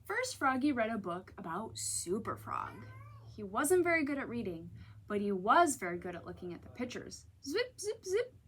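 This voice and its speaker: A woman's voice: medium pitch, moderate pace, a little hiss or hum. A woman librarian reading a picture book aloud at children's story time, talking to the kids directly. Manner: animated, talks to children directly.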